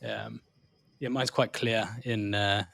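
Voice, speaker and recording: A man's voice: on the low side, big pitch swings, slow, creaky, fairly bright tone. A man hosting a podcast, asking questions hesitantly with restarts and many murmured agreements. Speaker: podcast host. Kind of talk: interview questions and backchannel.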